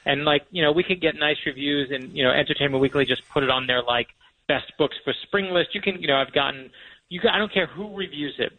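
A man's voice: fairly high pitch, quick pace, no room sound, phone-quality sound. A man guesting on a radio interview as an author, telling stories with self-deprecating humor. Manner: animated storyteller, self-deprecating.

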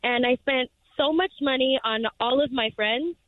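High-pitched woman caller, rambling, heard over a tinny phone line. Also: normal speed, dry recording. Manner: chatty, rambling with fillers. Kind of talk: phone call-in story.

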